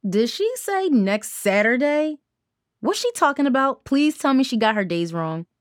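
A woman's voice: high-pitched, big pitch swings, moderate pace, dry recording, studio quality, voice pushed up. A woman voicing an impatient, scoffing teenage girl in a storybook reading. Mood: demanding.

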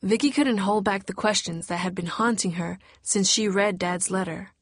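Audiobook narrator, woman, steady and even; dead-dry close studio read. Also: medium pitch, moderate pace, no room sound. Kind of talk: scripted storybook narration.

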